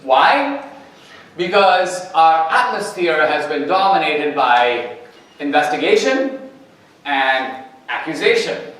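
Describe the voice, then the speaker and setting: A guest lecturer on campus, this man has a fairly high-pitched, fairly bright voice and fills his talk with anecdotes and acted-out conversations. The university lecture hall sounds echoey, picked up by a distant mic.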